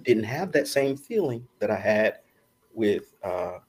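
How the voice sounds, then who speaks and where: A middle-aged man spins a casual story as a podcast guest. His pitch rises and falls freely as he acts out old conversations and laughs at his own tale. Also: slow pace, breathy edge. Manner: laughs often, animated storyteller acting out quotes.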